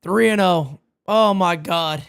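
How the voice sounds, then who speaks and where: A man hosting a live baseball watch-party stream, giving excitable, profane play-by-play and often shouting. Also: high-pitched, slow pace, gravelly, clean tone.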